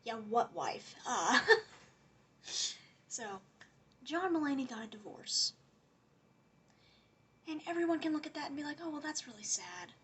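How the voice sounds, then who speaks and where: A woman's voice: high-pitched, lively intonation, unhurried, pauses often. A woman giving a casual, rambling rant as a commentary vlogger, sarcastic and often dropping to a whisper.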